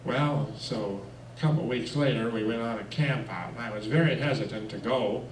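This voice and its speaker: A man telling lively personal anecdotes at a church, with chuckles and fillers. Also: medium pitch, moderate pace, a little hiss or hum. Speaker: guest speaker. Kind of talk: personal storytelling talk. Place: church hall. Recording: echoey room, mic far off.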